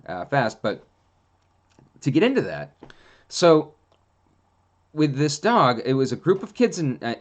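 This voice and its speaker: A man hosting a casual monologue, telling rambling, animated stories with plenty of fillers. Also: mid-range voice. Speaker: host.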